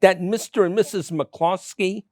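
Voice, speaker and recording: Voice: medium pitch, steady tone, a little slow, darkish tone, no echo. The host of a studio interview show, asking questions in a conversational, loosely phrased way. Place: local TV studio.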